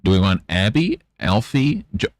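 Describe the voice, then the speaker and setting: A male streamer grumbles, swears and mutters to himself. His voice is very low with a gravelly edge and swings animatedly between deep murmurs and sharp outbursts. The sound is close and dry. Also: very animated, moderate pace, no room sound. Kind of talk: casual livestream chatter.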